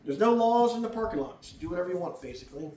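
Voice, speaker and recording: A middle-aged man gives casual driving advice while walking through a demonstration, blunt and heavily profane, even acting out other drivers. His high voice is expressive and mellow, and he talks fast. The recording is echoey and taken from a distance in a room.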